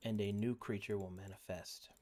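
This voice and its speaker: A man acting as dungeon master, narrating a tabletop game in a slow, solemn way. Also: on the low side, steady tone, a little mellow.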